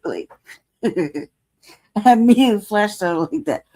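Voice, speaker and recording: Medium in pitch and dark in tone, her voice has lively intonation and a moderate pace. She's in her forties, hosting a laid-back livestream and spinning a meandering, laugh-filled, foul-mouthed tale.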